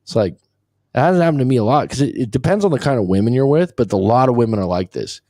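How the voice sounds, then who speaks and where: Casual, animated man coaching. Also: mid-range voice, fast talker, no room sound, clean studio sound. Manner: animated storyteller who acts out quotes, swears casually. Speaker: relationship coach and show host. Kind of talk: casual podcast chat.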